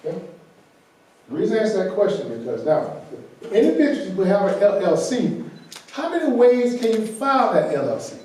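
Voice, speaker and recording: A fairly high, mellow-toned man with a Southern drawl lectures a room of farmers at a quick, loud clip, punctuating points with "okay?". He sounds distant from the recorder, in a strongly echoing hall with faint background noise. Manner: energetic, repeats "okay?" to check in with the audience; talks loud and fast. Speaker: workshop presenter. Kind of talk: financial training workshop lecture. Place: large meeting room. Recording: very echoey room, voice far from the recorder.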